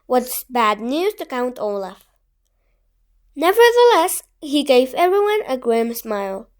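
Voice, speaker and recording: Expressive woman reading a storybook. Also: sits high, unhurried. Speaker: audiobook reader. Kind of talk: storybook narration.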